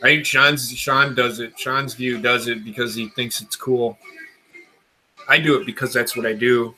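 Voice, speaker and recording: A man's voice: mid-range voice, steady tone, unhurried, pushed and bright, a little hiss or hum, low-quality recording. A young man hosting a casual wrestling watch-along, blunt and enthusiastic, swearing constantly. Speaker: host watching wrestling with viewers.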